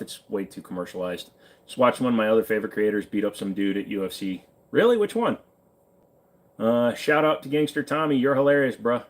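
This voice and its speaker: A man from Virginia with a fairly low voice sits in a friend's pawn shop answering live chat questions. His manner is offhand, and he swears freely.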